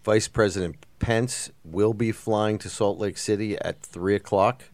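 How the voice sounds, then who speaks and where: A man co-hosting a talk show, giving a measured news update. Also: lowish voice, steady tone, darkish tone, no room sound.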